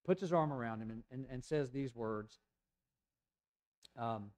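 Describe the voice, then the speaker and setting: A man from the United States preaching a sermon in a conversational storytelling way, sometimes dropping to a soft, hushed voice. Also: medium pitch, normal speed, long pauses. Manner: conversational storytelling, acting out voices of people in the scripture passage; drops to a soft, hushed voice in tender passages. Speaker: pastor.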